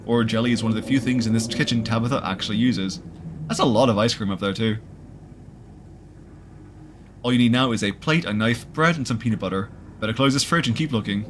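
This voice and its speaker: A man's voice: lowish voice, background noise. Chatty man streaming a visual novel. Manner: chatty, jokey, reads narration with asides. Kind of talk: let's play, reading a visual novel aloud.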